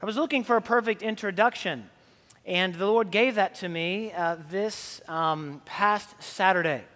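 A man's voice: high voice, a little slow, a bit bright. A man preaching a sermon as a priest, telling stories in a conversational way. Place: church sanctuary. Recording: long church reverb.

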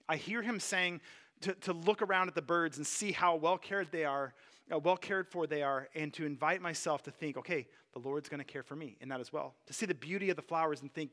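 A man preaching a sermon in a relaxed, conversational way, often stopping to restart a phrase. His voice is bright and sits a little high for a man. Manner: conversational, earnest, many fillers and restarts. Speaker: pastor.

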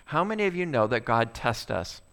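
Male pastor, dramatic sermon delivery, smooth resonant tone, medium pitch. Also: very animated, fairly quick, fairly bright tone. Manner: preaching with rhetorical questions to the congregation.

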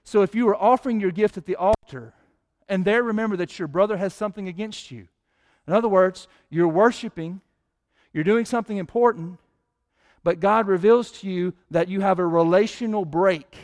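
A man preaching a sermon as pastor, his voice swelling louder and higher when he prays. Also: moderate pace.

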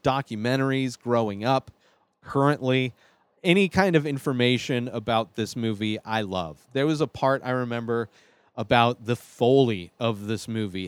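On his own show, a host with a clean-toned, mid-range voice works his way through an informal film ranking. He's enthusiastic and rambling, often using fillers and starting sentences over. The recording is dry.

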